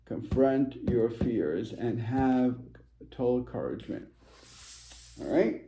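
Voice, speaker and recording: A man's voice: mid-range voice, expressive, slow, echoey room, background noise. A man working as a spiritual advisor, talking casually through a card reading in a rambling, reassuring way, with many fillers and restarts. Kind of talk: casual tarot-style card reading to camera.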